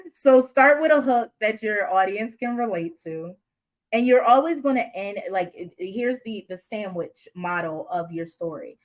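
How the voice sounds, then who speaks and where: Lively, laughing woman business coach. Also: mid-range voice, normal speed, low-quality recording. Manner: lively, laughs often, slangy and candid. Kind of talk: casual unscripted teaching.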